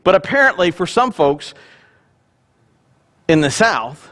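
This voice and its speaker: A man's voice: sits high, big pitch swings, slow, bright, forceful tone. A male pastor giving a conversational sermon with joking asides.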